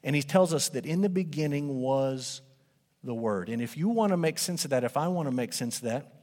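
A man preaching a sermon as pastor, animated and conversational, speaking to a congregation in a church. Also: medium pitch, brisk. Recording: long hall reverb.

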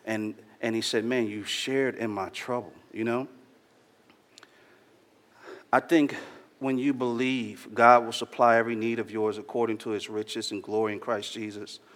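A man preaching a sermon in a casual, slangy, earnest storytelling way, addressing his church. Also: lowish voice. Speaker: pastor. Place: church hall. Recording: long hall reverb.

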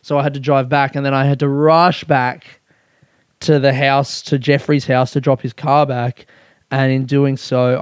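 A man's voice: medium pitch, clear, resonant tone, dry recording, studio quality. A man hosting a casual solo podcast, rambling and self-mocking, with frequent swearing. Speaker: podcast host.

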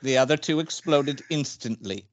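A man's voice: medium pitch, moderate pace. A man co-hosting a podcast, chiming in with wry jokes during a casual movie discussion. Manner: wry, jokey interjections. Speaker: podcast co-host. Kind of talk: casual movie commentary chat.

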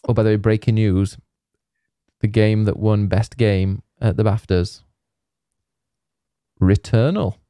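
A man with a lowish, mellow voice chatting casually as co-host. He rambles, trails off and fills gaps with "uh" and "like." The sound is close and dry. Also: fairly even intonation, takes it slowly, long pauses, smooth, dry recording. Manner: rambling, laughs often, many fillers. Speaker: podcast co-host. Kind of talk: casual chat.

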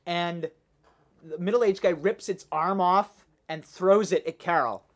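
A man co-hosting a casual movie chat, summarizing the plot in a dry, deadpan way. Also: high voice, unhurried. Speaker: podcast co-host.

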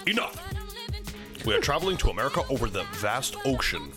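A man's voice: medium pitch, very animated, fast talker, music in the background, lightly acted. A man doing a stubborn German spice merchant. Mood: proud. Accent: put-on German. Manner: theatrical, sing-song. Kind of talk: comedic podcast role-play reading.

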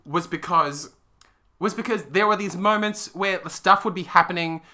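Bright-voiced man rambling with laughs. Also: high-pitched, normal speed. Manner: rambling, laughs often, self-deprecating. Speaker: podcast co-host. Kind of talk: casual theatre review chat.

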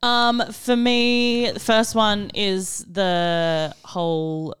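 A woman's voice: medium pitch, level tone, clean tone. A woman guest on a casual movie podcast, talking enthusiastically about favourite scenes. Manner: enthusiastic, drawn-out. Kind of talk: casual chat.

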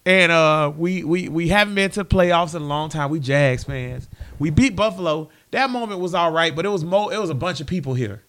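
A man, co-hosting a sports podcast and telling stories in relaxed, chatty banter. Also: on the high side, fairly quick. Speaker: podcast co-host.

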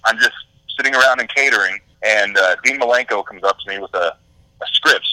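A man's voice: on the low side, a little fast, bright, forceful tone, no echo, low-quality recording. A man, a wrestler being interviewed, talking casually with many fillers. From Texas. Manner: laid-back, many "you know" and "uh" fillers. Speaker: guest wrestler.

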